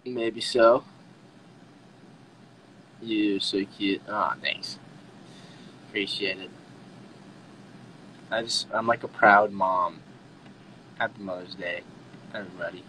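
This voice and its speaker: A young man hosting a casual livestream, emotional and laughing, talking in halting restarts. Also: on the low side, fairly even intonation, sharp tone, a little hiss or hum, rough recording. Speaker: livestream host.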